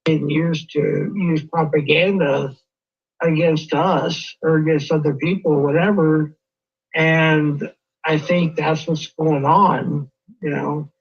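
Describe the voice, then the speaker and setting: A man's voice: a little high, fairly even intonation, takes it slowly, husky, highs cut off. A man on a stream panel, speaking hesitantly with many fillers. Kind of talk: casual chat.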